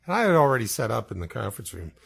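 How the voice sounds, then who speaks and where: A man co-hosting a podcast tells an anecdote in a loose, chatty way, laughing often as he goes. His voice sits at an ordinary middle pitch. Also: very fast, creaky, slightly rough. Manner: laughing, animated anecdote telling. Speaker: podcast co-host. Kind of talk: casual storytelling.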